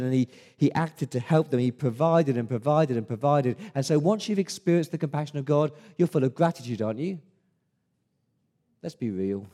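A man's voice: medium pitch, mellow. A man preaching a sermon as pastor, earnest and emphatic, often restarting his words.

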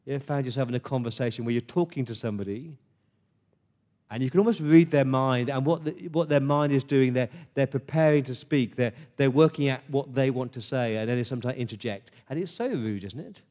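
A man delivers a sermon with a mellow, darker tone. He talks earnestly and conversationally to his congregation, with pauses and restarts. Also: medium pitch. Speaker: preacher.

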